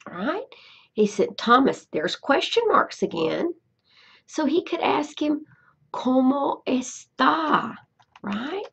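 A woman's voice: high-pitched, very animated, unhurried, creaky. A woman teaching Spanish in a screencast tutorial, explaining step by step, repeating herself and checking in with "okay?".

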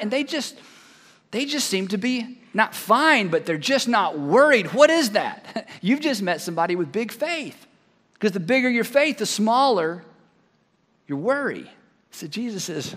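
A man preaching an animated sermon as pastor, acting out both sides of imagined conversations. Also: high voice, fairly quick, in a large hall. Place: large church hall.

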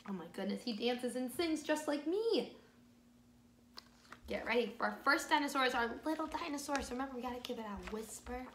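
A woman music teacher reading a picture book aloud to young children, slow and exaggerated, with encouraging praise, sung bits and shifts between whispers and loud parts. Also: high-pitched, expressive, reverberant, a little hiss or hum. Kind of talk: children's storytime read-aloud and music lesson.

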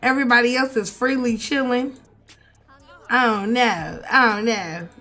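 A young woman, giving animated, swearing, mock-outraged commentary as she plays a life-sim game. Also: a little high, a little slow. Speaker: gaming streamer. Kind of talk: casual gameplay commentary.

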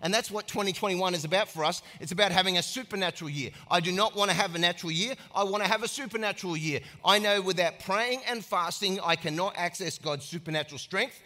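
A man preaching a sermon as pastor, emphatic and animated, acting out little scenes. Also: high-pitched, quick pace, hardly any pauses. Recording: echoey hall.

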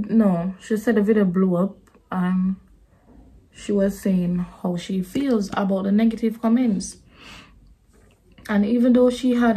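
A woman's voice: mid-range voice, warm tone, slightly rough. A young woman chatting bluntly while doing her makeup, slipping into patois now and then. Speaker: beauty vlogger.

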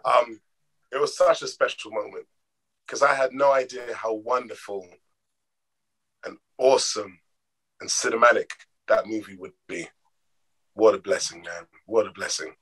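A man with a lowish, husky voice who recounts anecdotes with energy, slipping into the voices of the people in them. His delivery is expressive and conversational, fitting an interview. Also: moderate pace, long pauses, low-quality recording. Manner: expressive, acts out quoted dialogue. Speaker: actor guest. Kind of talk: animated storytelling in an interview.

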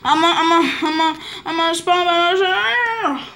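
A female speaker improvising a toy play-acting story in a halting, stammering way. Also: very high voice, sharp tone, a little hiss or hum.

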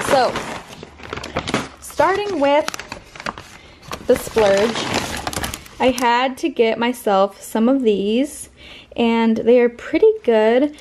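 A young woman vlogging casually to her handheld camera, chatty and rambling, with lots of fillers as she shows her shopping. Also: fairly high pitch. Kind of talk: casual shop-with-me vlog. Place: in her car, then at home. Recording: loud background noise.

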